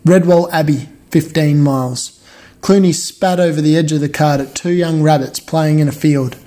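A man reads a children's storybook aloud at a steady, measured pace and trips over the odd word. His voice sits somewhat high for a man, yet the tone is dark and mellow. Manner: steady, measured, with occasional stumbles. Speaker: reader. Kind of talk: reading a children's novel aloud.

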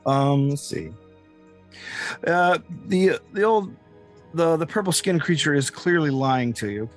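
A man narrating as game master of a tabletop game. He describes scenes haltingly, with many restarts. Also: fairly high pitch, soft background music. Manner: halting, full of fillers and restarts.

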